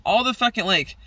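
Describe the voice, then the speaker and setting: A woman's voice: medium pitch, sharp tone, husky, distant mic, poor audio. A woman venting in a casual vlog, rambling and swearing heavily in an exasperated way. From Southern California. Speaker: vlogger.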